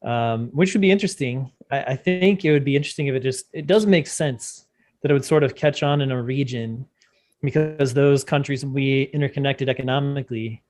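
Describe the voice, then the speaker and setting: A man's voice: mid-range voice, a little fast, darkish tone. A man as a guest in a casual livestream chat, explaining ideas thoughtfully.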